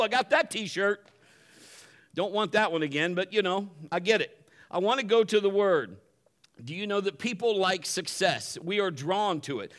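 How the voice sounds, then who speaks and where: A male pastor warms up his congregation with jokes before his sermon. His voice sits a little high for a man, and he often laughs along with his own punchlines. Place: church building.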